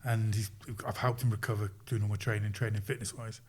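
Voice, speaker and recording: A husky, lowish-voiced middle-aged man, a coach by trade, tells a podcast audience a story at a quick pace. It's an informal, lively retelling where he voices the quoted parts and chuckles.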